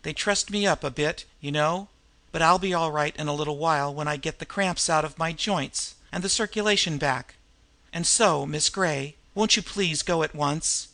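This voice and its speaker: The wounded adventurer speaks thickly and stammers, forcing out his words, as a male narrator reads him. His voice is bright and slightly high, keeping a wry, brave edge through the pain. Audiobook character voice. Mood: strained. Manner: halting, stammering speech.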